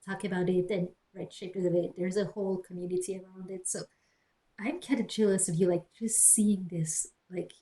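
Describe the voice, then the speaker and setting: A woman's voice: fairly low pitch, fairly even intonation, moderate pace, dark tone, rough recording. A young woman streamer reading a story aloud with sarcastic asides and muttered jokes, into a cheap headset in a small closed room. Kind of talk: mocking dramatic reading with asides. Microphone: cheap gaming headset.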